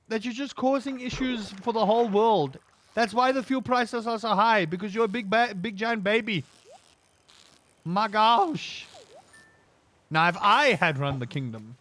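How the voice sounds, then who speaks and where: High-voiced man ranting on stream. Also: fairly bright tone. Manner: ranting, piles up rhetorical questions; voice climbs sharply high when worked up. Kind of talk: casual rant while gaming.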